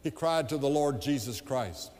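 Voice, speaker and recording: A man evangelist delivering a revival sermon to a large crowd, emphatic and building to loud appeals, recorded live in an arena. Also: medium pitch, lively intonation, normal speed. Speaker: evangelist preacher. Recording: long hall reverb, live event.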